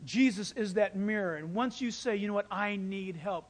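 A pastor preaching a sermon, telling stories with animated delivery and acting out quoted voices. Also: male voice, sits high, moderate pace, hardly any pauses. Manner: animated storytelling, acts out quotes.

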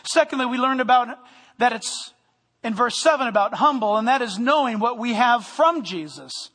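Male pastor, high bright tone, humorous energetic sermon, long church-hall reverb. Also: normal speed. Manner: animated preaching with humor, sometimes loud. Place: church sanctuary.

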